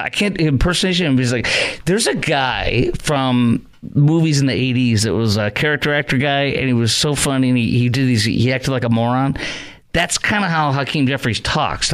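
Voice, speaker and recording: A man's voice: medium pitch, moderate pace, a bit bright. A man hosting a talk radio show, delivering a sarcastic, rambling opinion monologue with mocking asides.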